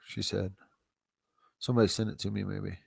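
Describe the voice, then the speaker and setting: A man's voice: lowish voice, flat delivery, moderate pace, creaky, husky, no room sound. A man hosting a casual livestream, rambling and laid-back as he talks to himself while browsing. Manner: casual slang, says y'all. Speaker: YouTube channel host.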